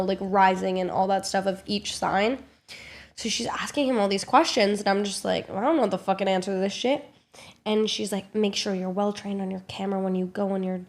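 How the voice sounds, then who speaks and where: A young woman streamer telling a story in a casual vlog, quick and animated, full of fillers and swearing, acting out what others said. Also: mid-range voice. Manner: animated, swearing, filler-heavy, acts out quotes.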